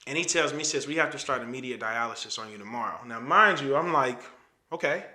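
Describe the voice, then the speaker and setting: Thirties male guest, casual animated storyteller, roomy echoey room. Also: medium pitch, fast talker. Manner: animated, slangy, retells dialogue. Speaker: podcast guest. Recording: roomy echo.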